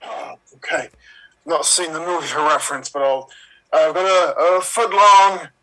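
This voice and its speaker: A man's voice: fairly high pitch, unhurried, sharp tone, rough recording. A man playing a pushy hot dog seller dressed as a clown, in a vague put-on accent. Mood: menacing.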